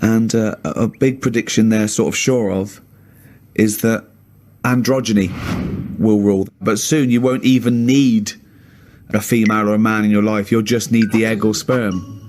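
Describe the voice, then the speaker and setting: A man's voice: on the low side, steady tone, moderate pace, darkish tone. A man co-hosting a comedy podcast, telling anecdotes and teasing with dry sarcasm. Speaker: co-host.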